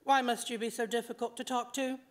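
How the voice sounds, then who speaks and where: A woman's voice: fairly high pitch, little pitch movement, fairly quick, close to an everyday voice. A woman voicing a determined young woman who speaks insistently and impatiently. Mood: exasperated.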